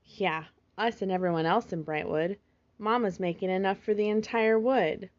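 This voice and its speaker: A woman's voice: mid-range voice, moderate pace, darkish tone, natural voice. A woman voicing a young boy fox kit, an anxious older brother who talks in an earnest, fretful way, in a slightly muffled recording. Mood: glum.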